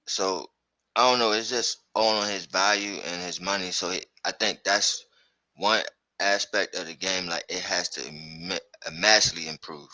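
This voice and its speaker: A man hosting a sports podcast, talking loosely and excitedly with slang and fillers. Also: low-pitched, moderate pace, no room sound, low-quality recording. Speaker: podcast host. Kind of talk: casual sports chat.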